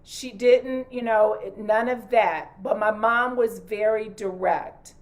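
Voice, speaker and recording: A woman's voice: medium pitch, steady tone, slow pace. A woman in a casual group chat, speaking reflectively and restarting her sentences as she finds her words. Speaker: panel guest sharing stories.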